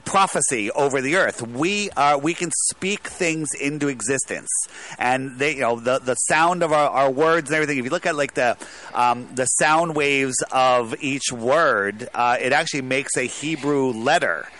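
Male caller, emphatic and rambling, tense bright timbre. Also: mid-range voice, moderate pace. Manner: rambling, emphatic, restarts a lot. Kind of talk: casual talk radio call.

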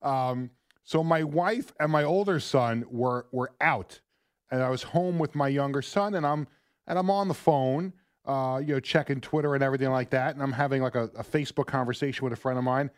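A man's voice: mid-range voice, a little fast. A middle-aged man co-hosting sports talk radio, telling a story in a rambling way with many restarts.

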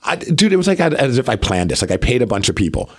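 A fast-talking man with a medium-pitched voice co-hosts a podcast. In easygoing conversation he relates a long story, animatedly voicing what other people said.

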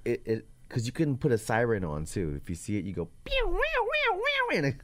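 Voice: medium pitch, very animated, quick pace, darkish tone. A speaker in casual chat who chimes in with practical suggestions and quips.

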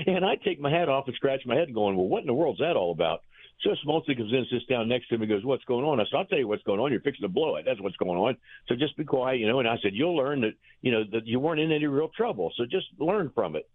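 A man, a former pitching coach, telling folksy, rambling anecdotes in an interview, chuckling as he goes. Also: dry recording. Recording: tinny phone line.

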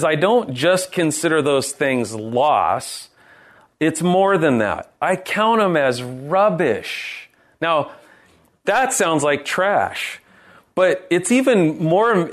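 A man preaching a sermon, earnest and animated, asking rhetorical questions and restarting his sentences. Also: mid-range voice. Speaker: pastor.

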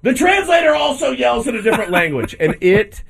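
Man, sports show host, casual chat, lively pitch, enthusiastic, jokey. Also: a little fast, creaky, husky.

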